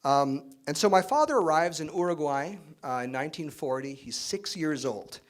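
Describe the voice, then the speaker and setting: A middle-aged man giving a keynote speech at an awards event, in a relaxed, conversational way with joking asides, many fillers and tag questions. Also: a little high, moderate pace. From Spain, raised in Canada. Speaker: keynote speaker.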